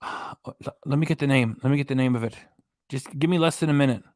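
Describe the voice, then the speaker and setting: A man's voice: medium pitch, quick pace, a little mellow, no echo, clean studio sound. A man hosting a reaction live stream in a casual, mocking way, laughing often as he talks. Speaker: reaction channel host.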